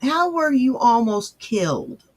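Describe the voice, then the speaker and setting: A man reacts to a clip with blunt scorn and casual swearing. His voice is husky and sits fairly high. He talks straight, with no polish. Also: sing-song, slow. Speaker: commentator reacting to clips. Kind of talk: reaction commentary.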